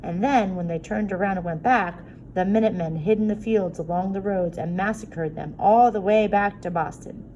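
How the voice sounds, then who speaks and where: A woman reading a story aloud, voicing an excited young male soldier in a raised, eager voice. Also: medium pitch, moderate pace, a little hiss or hum, lightly acted, low-quality recording.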